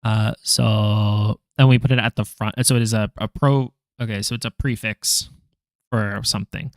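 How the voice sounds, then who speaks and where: A man working through a language lesson out loud, halting, correcting himself and making wry asides. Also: fairly low pitch, steady tone, no echo, clean studio sound. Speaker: language learner vlogger. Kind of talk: thinking-aloud study session.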